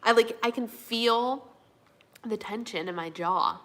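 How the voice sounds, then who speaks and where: A woman's voice: fairly high pitch, unhurried, fairly bright tone. A woman hosting a casual live chat, reading viewer comments aloud and answering them with lots of fillers. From Minnesota, USA. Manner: chatty, fillers and yawning, says y'all. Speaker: livestream host.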